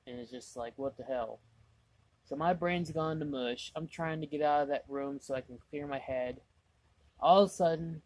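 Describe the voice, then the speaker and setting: A man's voice: fairly high pitch, normal speed, darkish tone, dry recording. Man, casual vlog storytelling, rambling, self-mocking, exasperated. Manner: rambling, lots of "I was like" asides. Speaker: vlogger.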